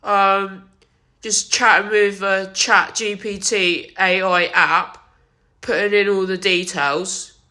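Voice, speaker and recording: A vlogger, crying and sniffling while talking, halting and repeating themselves with many restarts, speaking into a wired earphone mic. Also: mid-range voice, fairly even intonation, pushed and bright. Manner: halting, repetitive, many restarts and self-corrections. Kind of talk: emotional confessional vlog. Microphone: wired headset or earphone mic.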